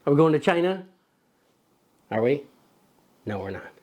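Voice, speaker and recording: A man's voice: fairly high pitch, big pitch swings, normal speed, a crowd in the background. A man hosting a casual lens review show, playful and jokey, chatting to a toddler sidekick. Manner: playful, jokey, talks to his toddler co-host. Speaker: camera review host.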